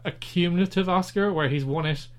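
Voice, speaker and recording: Man, podcast co-host, quick rambling chatter with many fillers. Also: sits high. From Ireland. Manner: rambling, gushing, lots of fillers. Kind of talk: casual podcast chat.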